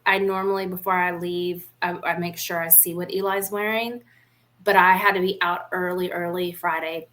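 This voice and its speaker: A woman's voice: fairly low pitch, fairly even intonation, normal speed, a bit bright. A woman co-hosting a podcast, telling frank, playful stories in a casual chat. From small town in the United States. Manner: chatty storytelling, playful and frank. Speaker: podcast co-host.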